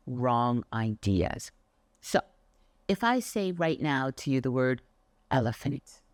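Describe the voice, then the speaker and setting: An older woman who teaches Pilates delivers an emphatic, expressive motivational monologue in a rumbling low voice, acting out her anecdotes. There's no room sound.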